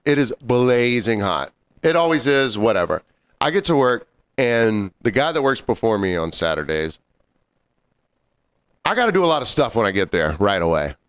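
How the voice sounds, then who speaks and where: A man's voice: medium pitch, very animated, normal speed, a bit bright, clean tone. A man co-hosting a podcast, laid-back in casual chat, chiming in with short agreements and then telling his own work story. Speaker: podcast co-host.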